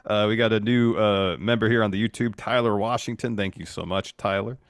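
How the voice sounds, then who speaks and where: A man co-hosting a wrestling podcast, recapping matches in a steady, casual way. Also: lowish voice, fairly quick, smooth, dry recording, studio quality. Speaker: podcast co-host.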